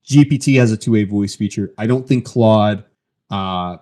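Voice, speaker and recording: A man with a somewhat low voice hosts a casual tech podcast. He talks conversationally, with a few restarts. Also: normal speed, warm tone. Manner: conversational, reads a post aloud, frequent restarts. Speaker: podcast host.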